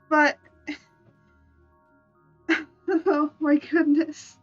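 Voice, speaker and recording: A woman artist chatting on a live stream, giggly and halting, with many restarts. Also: high-pitched, muffled recording, soft background music. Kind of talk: live-stream chat while making art.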